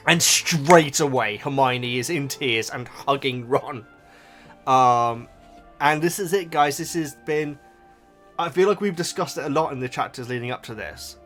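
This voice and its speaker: A man hosting a casual book reaction, animated and emotional, with frequent restarts. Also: mid-range voice, unhurried, soft background music.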